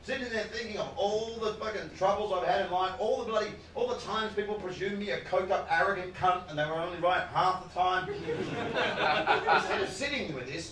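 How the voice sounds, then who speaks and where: A man doing a stand-up routine, his high voice leaping all over the place as he swears and laughs his way through the bit. He is picked up from a distance in a roomy live venue. Audience noise sits clearly behind him. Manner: animated, swearing, laughing storyteller. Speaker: stand-up comedian.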